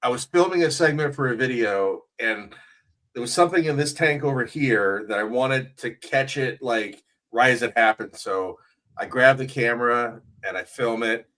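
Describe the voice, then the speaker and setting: A man's voice: medium pitch, moderate pace, pushed and bright. Man telling a story with fillers. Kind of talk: casual livestream chat.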